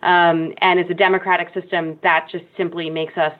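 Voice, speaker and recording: A woman speaking as a guest expert in a panel discussion, measured and analytical, with frequent ums. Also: fairly low pitch, little pitch movement. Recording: tinny phone-like remote line.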